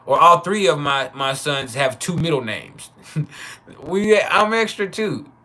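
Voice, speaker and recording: On his laid-back live stream, a male host jokes around with viewers, laughs a lot, and stretches out people's names. His voice is on the high side, animated, pushed, and bright.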